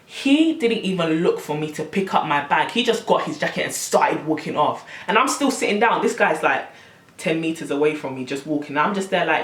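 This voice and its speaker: A young woman telling a story on her vlog, animated and exasperated, full of slang. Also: deep voice, moderate pace, distant mic. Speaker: vlogger. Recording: roomy, camera set back.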